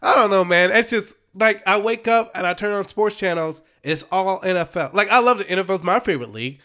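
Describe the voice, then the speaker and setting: A young man co-hosting a casual sports podcast, talking in an animated, exasperated rant. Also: high-pitched, brisk. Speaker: podcast co-host.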